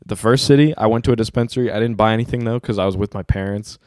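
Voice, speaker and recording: A young man hosting a casual chat, telling stories in an animated, profane, slang-heavy way. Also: on the low side, racing, no echo, clean studio sound. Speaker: host.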